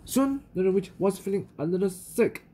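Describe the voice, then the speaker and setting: A woman with a New Zealand accent reading a children's picture book aloud, slowly and carefully, with small stumbles. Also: mid-range voice, animated, dark tone, slightly rough. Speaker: storyteller.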